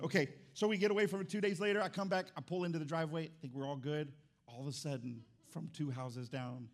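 Animated comic male preacher. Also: on the high side, quick pace. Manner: animated, comic, shifts between loud bursts and quiet asides. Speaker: pastor. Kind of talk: sermon with storytelling.

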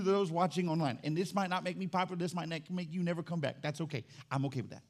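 A male pastor preaching a sermon in a church, impassioned, swinging from low and intimate to loud and fervent. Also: fast talker, hardly any pauses. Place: church sanctuary.

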